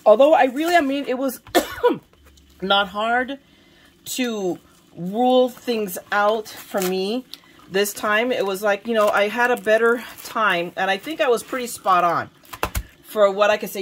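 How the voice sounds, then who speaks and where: A woman's voice: medium pitch, expressive, moderate pace, slight background noise. A woman vlogger chatting casually at home as she shows her new craft supplies, rambling and making fun of herself. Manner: chatty and self-deprecating, rambling with restarts.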